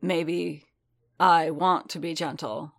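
A woman reading the lines of a calm, commanding adult man, firm and unhurried. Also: low-pitched, gravelly, full character voice.

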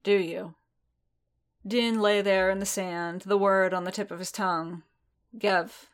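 A woman narrating a fan fiction audiobook in a measured storytelling manner. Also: mid-range voice, fairly even intonation, clear, resonant tone.

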